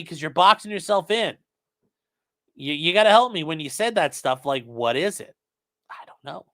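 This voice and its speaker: A man's voice: high voice, bright, forceful tone. A man hosting a casual commentary stream, reading viewer messages aloud and answering them sarcastically. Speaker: host reading chat.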